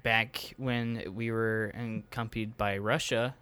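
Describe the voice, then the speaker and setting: A young man improvising as an aggrieved male Latvian spokesman, rambling with halting fillers. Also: on the low side, level tone, sharp tone, clear, resonant tone. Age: young adult. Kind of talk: improvised comedy role-play.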